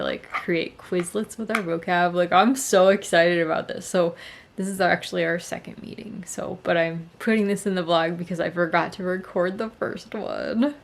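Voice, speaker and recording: A woman's voice: medium pitch, creaky. A woman vlogger talking in a casual, chatty way, with lots of "like" fillers and an enthusiastic tone. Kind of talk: casual vlog chat.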